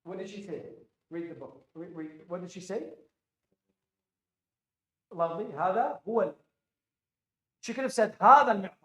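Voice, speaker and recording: A man with a high, slightly bright voice teaches an Arabic class in an echoey classroom, quizzing students and repeating phrases with frequent restarts. He talks briskly but leaves long pauses in this lecture.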